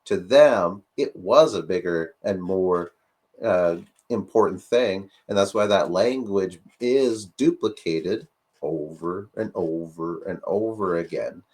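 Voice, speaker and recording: A man with a fairly low voice talks through a casual discussion. He pushes his points with rhetorical questions and leans on fillers. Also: slow pace, a little mellow.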